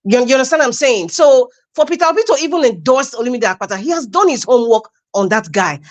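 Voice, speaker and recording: High-voiced Nigerian woman, emphatic, scornful debate speaker. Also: expressive, fast talker. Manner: emphatic, scornful, restarts often. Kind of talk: impassioned political argument.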